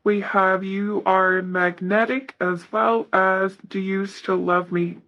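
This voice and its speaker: A woman giving a casual tarot reading, reading card messages aloud in a soft, hesitant way with many fillers. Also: mid-range voice, steady tone, takes it slowly, muffled recording. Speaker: tarot reader.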